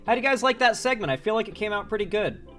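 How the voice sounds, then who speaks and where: Male live-stream host, loose and profane, a touch high, faint background music. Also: rapid-fire. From Florida. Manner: rambling, profane, excitable. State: sore throat. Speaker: political commentary streamer. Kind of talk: casual live-stream chat.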